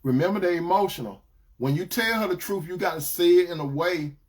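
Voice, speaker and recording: Higher-voiced man preaching relationship advice. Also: a little fast. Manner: repetitive, addresses listeners as brothers and sisters. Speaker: Christian relationship advice speaker. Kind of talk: preaching-style advice talk.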